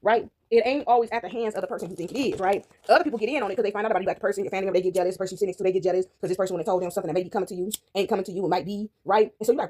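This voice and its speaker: A woman's voice: medium pitch, very fast, few pauses, mellow. A woman in casual vlog chat while working dough, rambling and checking in with "right?" after nearly every phrase. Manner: rambling, repeats "right?" often. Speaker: vlogger. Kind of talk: casual talk while baking.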